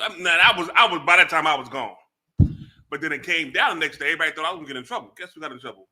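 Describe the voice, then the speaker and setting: A man on a live stream panel telling a personal story in a casual, animated way, laughing and acting out what people said. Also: sits high, quick pace. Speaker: panel guest.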